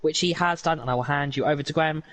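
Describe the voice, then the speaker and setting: A man's voice: on the high side, fast talker, fairly bright tone, low-quality recording. A man co-commentating on an esports race, rambling through his analysis with many fillers; his stream audio sounds robotic.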